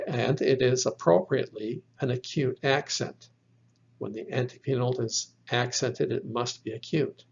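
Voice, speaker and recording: Slow, gravelly-voiced man teaching Greek. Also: mid-range voice. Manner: methodical, spells out letters one by one, corrects his own slips. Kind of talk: slow explanatory lesson. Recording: dull lo-fi recording.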